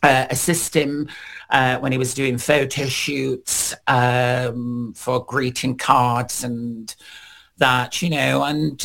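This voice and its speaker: A middle-aged man being interviewed, telling long rambling stories with many fillers and lively quoted voices. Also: medium pitch, creaky. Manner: slow, rambling, many fillers, animated when quoting others. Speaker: interviewee, singer. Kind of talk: casual interview storytelling.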